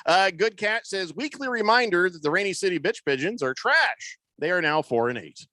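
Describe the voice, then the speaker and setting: Bright, high-voiced radio host man. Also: lively intonation, moderate pace, no echo. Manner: rambling, loose, with many fillers and restarts. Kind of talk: casual sports radio chat. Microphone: studio microphone.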